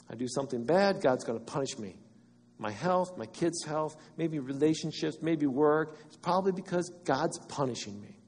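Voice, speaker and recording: A man preaching a sermon, swinging between loud emphatic cries and quiet, low asides. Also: breathy edge, long reverb tail.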